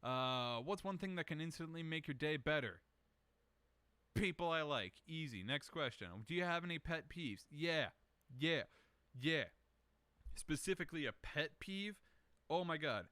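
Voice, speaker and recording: A man's voice: fairly high pitch, animated, measured pace, bright, forceful tone, clean tone, dry recording. A young man hosting a casual solo show, rambling through questions in a profane, self-mocking way. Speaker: podcast host answering questions.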